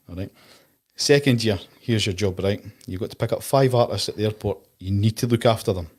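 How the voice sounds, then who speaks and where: A man's voice: medium pitch, a little mellow. A man from the East of Scotland with a Scottish accent, telling chatty anecdotes on a casual podcast. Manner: chatty storyteller, quick anecdotes. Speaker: podcast host. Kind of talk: casual chat.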